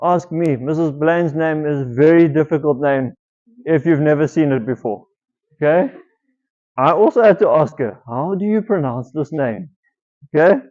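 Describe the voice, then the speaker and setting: South African male teacher, higher voice, muffled lo-fi sound, quizzes the room. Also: moderate pace, darkish tone. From Eastern Cape, South Africa. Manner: asks the audience questions. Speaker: teacher giving a talk. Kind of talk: school presentation to students.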